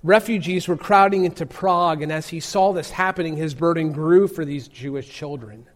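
A man preaching a sermon, telling a story earnestly with emphatic pauses. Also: on the high side.

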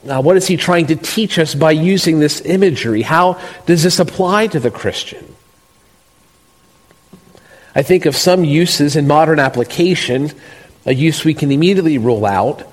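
A man preaching an expository sermon, measured and emphatic, with slow deliberate stresses. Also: a little high. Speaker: pastor. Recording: long reverb of a large hall.

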